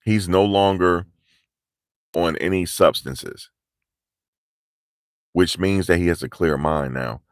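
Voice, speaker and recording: Male vlogger, low voice, animated and slangy, live outdoors, dry close sound. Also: slow pace, long pauses, dry recording. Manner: animated, slangy, pushing energy. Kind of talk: live street commentary. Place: outdoors in cold, rainy weather.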